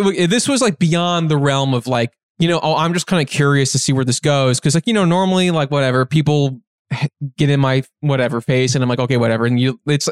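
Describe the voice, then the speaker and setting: A man with a voice pitched a little above most men's tells a story on a podcast. He rambles along, stuffing in fillers and starting over mid-sentence. It is recorded close on a mic in a dry, dead room. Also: dry recording. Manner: rambling, filler-heavy, animated retelling. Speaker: podcast guest. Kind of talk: casual storytelling.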